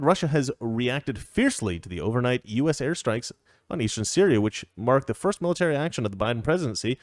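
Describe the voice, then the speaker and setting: A man's voice: mid-range voice, dry recording, clean studio sound. A man hosting a casual political commentary show, opinionated and rambling, chuckling often as he talks. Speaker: show host.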